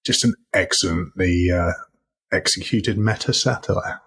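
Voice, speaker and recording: Brief: British podcast co-host, male, very husky voice, lower pitch, upbeat and laughing. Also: unhurried, a bit bright. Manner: enthusiastic, laughs often, quotes film lines in playful voices. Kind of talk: casual chat.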